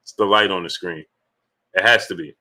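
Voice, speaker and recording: A man's voice: low-pitched, fairly quick, pushed and bright. A man hosting a boxing livestream in casual chat, greeting viewers by name as he talks loosely.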